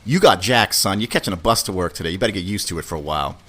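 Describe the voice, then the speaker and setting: A man's voice: low voice, expressive, a bit bright. A man hosting his own podcast, talking bluntly in a casual, opinionated monologue with slang and swearing, and acting out little dialogues. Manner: acts out little dialogues with put-on quick voices. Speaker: podcast host.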